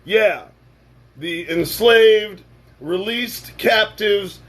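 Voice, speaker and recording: A man hosting his own show, delivering a sarcastic, profane, preachy monologue that swings from loud bursts to low asides. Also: extremely slow. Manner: preachy, sarcastic, swears freely. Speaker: talk show host.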